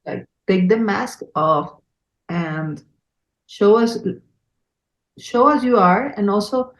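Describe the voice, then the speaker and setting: A woman with a Mexico City Spanish accent hosts a podcast interview in English, speaking earnestly and effusively with many fillers. Her mid-range voice is expressive and slow-paced, and the audio is poor, in an echoey room.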